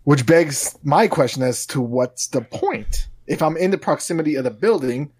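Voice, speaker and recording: A man on a podcast chatting casually, telling a story in an animated way, acting out the lines of both sides and swearing now and then. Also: on the high side, normal speed, husky.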